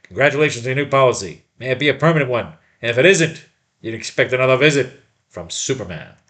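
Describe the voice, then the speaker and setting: A man's voice: medium pitch, lively intonation, quick pace, fairly bright tone, natural voice. A man voicing a stern male reporter hero who delivers a firm warning.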